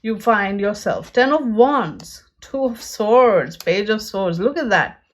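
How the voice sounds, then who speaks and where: A woman's voice: medium pitch, animated, takes it slowly. A woman giving a pick-a-card tarot reading, speaking earnestly and straight to her viewers, with many "you know"s.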